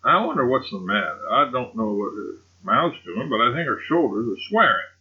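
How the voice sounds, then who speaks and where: Male reader as a gushing old colonel, emphatic and pitched up; muffled audio. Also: big pitch swings, normal speed, breathy edge. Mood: effusive. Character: boastful elderly male colonel, effusive and scheming.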